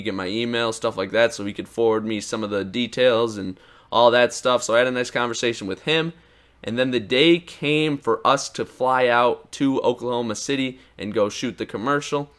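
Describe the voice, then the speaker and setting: Excited teenage boy telling a story. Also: mid-range voice. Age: teens. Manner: excited, rambling retelling with many likes and restarts. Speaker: YouTuber. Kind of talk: casual storytelling vlog.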